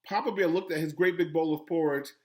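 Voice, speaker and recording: A man, a school principal, reading a children's story aloud with animated, gasping, teacherly asides to young pupils. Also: on the high side, brisk.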